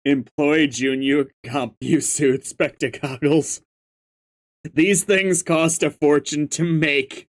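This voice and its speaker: A man reads a webcomic aloud in a slightly high voice, taking his time over each line. He stammers and laughs often, with sudden outbursts as he reacts to what he reads. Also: fairly even intonation, slow.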